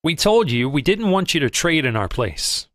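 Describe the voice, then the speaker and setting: A man's voice: fairly high pitch, big pitch swings, moderate pace, a bit bright, no room sound, clean studio sound. A man voicing a pushy bucket-shop agent who snarls threats, then turns fussed and begging, in an audiobook reading. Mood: snarling. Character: brash, pushy bucket-shop man from out of town, turning pleading.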